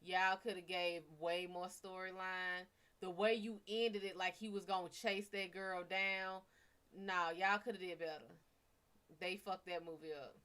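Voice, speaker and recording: A woman's voice: on the low side, steady tone, unhurried, a bit bright, clear, resonant tone. A woman with a Cajun-tinged accent, chatting casually on a livestream as a psychic reader, rambling and profane with laughing asides.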